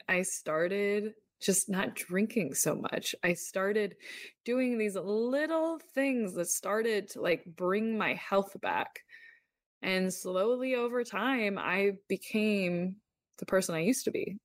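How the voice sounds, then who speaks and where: A woman's voice: fairly low pitch, no room sound. A woman in her thirties hosting a podcast, telling her own story in a candid, confessional way with lots of "like.". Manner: candid, confessional, uses "like" often. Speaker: podcast host. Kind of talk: personal storytelling monologue.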